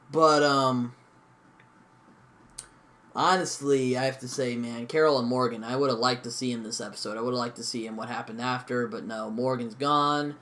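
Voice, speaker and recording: A man's voice: medium pitch, fairly even intonation, normal speed, pushed and bright. Rambling young man reviewing a show. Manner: rambling, lots of fillers and mild swearing.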